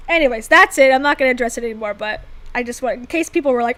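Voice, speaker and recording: Chatty woman with a high voice. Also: rapid-fire, fairly bright tone, rough recording. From Florida, United States. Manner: chatty, self-deprecating, laughs often. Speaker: livestream co-host. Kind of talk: casual chat.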